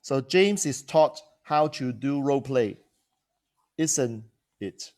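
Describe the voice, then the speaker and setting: With a medium-pitched, darkish voice, a male coach and trainer delivers a teaching talk to camera. Rhetorical questions come up often, as do restarted phrases.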